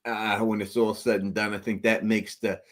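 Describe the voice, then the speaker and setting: A man hosting a casual call-in livestream, animated and quick to laugh, often tripping over his words. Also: fairly low pitch. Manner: animated, laughs often, stammers through restarts. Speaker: livestream host.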